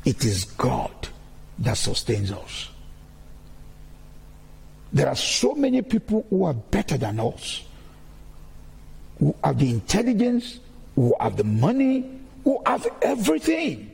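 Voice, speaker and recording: A man's voice: on the high side, wildly swooping pitch, takes it slowly, creaky, pauses often, a little mellow, husky, long reverb tail. A man giving a sermon-style testimony in a church, repeating key phrases as he preaches.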